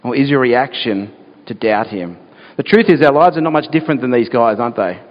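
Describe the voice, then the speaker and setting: A man's voice: medium pitch, expressive, a little fast. A man preaching a sermon as pastor, earnest and talking through rhetorical questions to his listeners. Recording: dull sound with long hall reverb.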